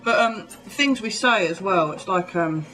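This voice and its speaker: A man from near London speaks to his camera with a southern English accent. His voice sits a bit high and sounds bright and forceful. He rambles and chats freely, dropping plenty of ums along the way. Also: lively intonation, unhurried, rough recording. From England, near London. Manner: rambling, chatty, full of ums and little laughs. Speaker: vlogger. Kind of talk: casual chat to camera.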